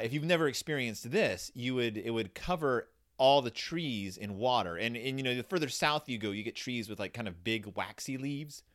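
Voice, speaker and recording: A chatty man hosts a casual book review. His pitch rises and falls a great deal as he rambles along, with plenty of fillers and restarts. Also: a bit bright. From United States (Texas). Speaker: podcast host reviewing children's books.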